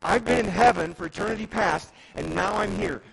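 A man preaching who speaks as a divine teacher declaring his authority, loud and emphatic, with a gravelly voice. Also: sits high, fairly quick, pitched above the performer's own voice, exaggerated voice, low-quality recording.

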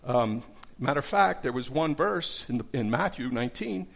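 A middle-aged man leads a casual Bible study lesson in a gravelly, mid-range voice. He talks conversationally, often restarting his sentences and filling pauses. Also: medium pitch, expressive. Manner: conversational, many fillers and restarts.

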